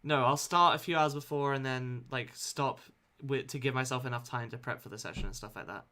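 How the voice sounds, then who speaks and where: A man's voice: medium pitch, fairly quick, pushed and bright. A man hosting a game stream and chatting casually with a friend, laughing often. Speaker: streamer host.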